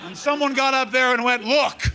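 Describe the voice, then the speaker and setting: A man in his thirties performing stand-up on a club stage, his voice pitched high for a man. He tells stories with animated swings into mock sobbing and quick character voices. Clear audience laughter and room noise sit behind him. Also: a crowd in the background. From Canada. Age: 30s. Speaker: stand-up comedian. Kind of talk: stand-up comedy storytelling. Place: live comedy club stage.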